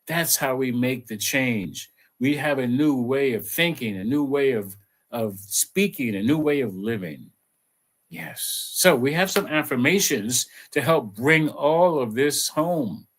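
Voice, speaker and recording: A man delivers a spiritual talk as a reverend, taking his time and pausing between repeated phrases. His pitch moves in a lively way as he guides listeners through affirmations. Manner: slow, reflective, with repeated phrases and pauses.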